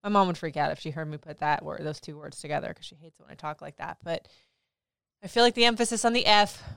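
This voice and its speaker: A woman in her thirties talks candidly and with plenty of laughter. Her voice sits a little low and is very smooth and clean. It is recorded dry and close, with no room sound. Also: quick pace, no echo. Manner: candid, laughing, lively storytelling. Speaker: podcast host. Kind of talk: casual personal chat.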